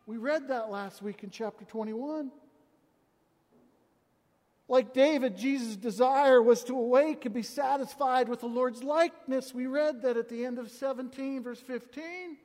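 High-voiced male preacher in a reverberant hall. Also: measured pace. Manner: preaching with dramatic swings in loudness, quotes scripture. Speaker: pastor. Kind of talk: sermon.

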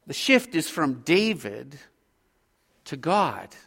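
A man preaching a sermon as a pastor, earnest and measured, pausing between phrases. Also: a little high, sing-song, gravelly, fairly bright tone, slightly rough. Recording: hall reverb.

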